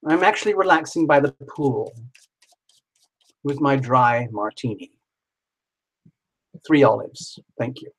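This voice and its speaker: A man's voice: mid-range voice, expressive, measured pace, pauses often, low-quality recording. A man hosting a live tarot stream, who talks playfully and jokes around with sing-song asides. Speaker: tarot reader hosting a livestream.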